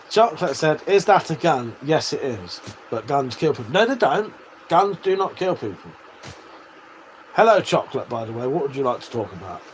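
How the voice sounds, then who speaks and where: A man with a mid-range, sing-song voice hosts a livestream at a moderate pace, reading out viewer comments with long pauses. He swears a lot, laughs often, and banters with the chat. The rough recording carries a little hiss or hum.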